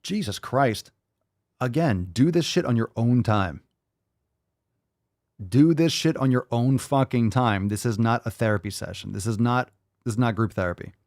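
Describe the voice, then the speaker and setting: A man's voice: mid-range voice, normal speed, darkish tone, dry recording, clean studio sound. A man hosting a show, reacting to video clips with blunt, profane, mocking commentary.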